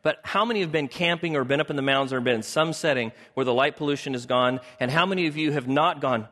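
A man preaching a lively sermon, his voice sitting a little high. He slips into the voices of the people in his story. Long reverb from a big hall trails each phrase. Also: fast talker. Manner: animated, acts out biblical characters in shifting voices. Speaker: pastor.

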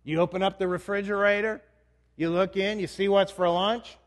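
A man's voice: high-pitched, fairly even intonation, normal speed. A male pastor preaching a sermon in a conversational way, often putting questions to the congregation. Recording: reverberant hall.

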